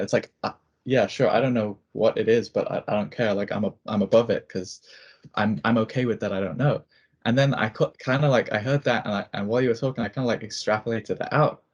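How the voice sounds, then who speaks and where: Husky young man rambling with fillers. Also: fairly low pitch, darkish tone, muffled recording. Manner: rambling, many "like" fillers and restarts. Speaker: student. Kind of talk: casual chat. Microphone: video call.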